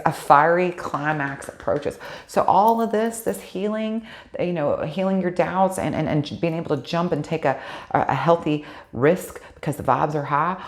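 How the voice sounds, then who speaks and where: Low-voiced woman tarot reader, casual, excitable, swears freely, talks straight to her viewers. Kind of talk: casual tarot card reading.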